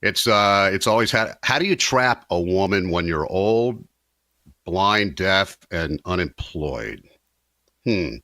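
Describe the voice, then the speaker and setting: A man with a deep voice, co-hosting a podcast in casual chat, wry and self-mocking. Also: animated, slow pace, bright, forceful tone, dry recording, studio quality. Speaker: podcast co-host.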